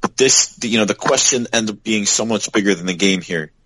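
A man's voice: on the low side, brisk, fairly bright tone, breathy edge, no room sound, poor audio. A man co-hosting a podcast in casual chat, talking thoughtfully and asking reflective questions. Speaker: podcast co-host.

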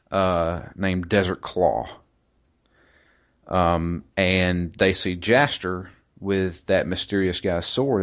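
A man casually talking through a video game's story and combat, hesitant, with many fillers and restarts. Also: low voice. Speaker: video game reviewer. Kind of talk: casual podcast chat.

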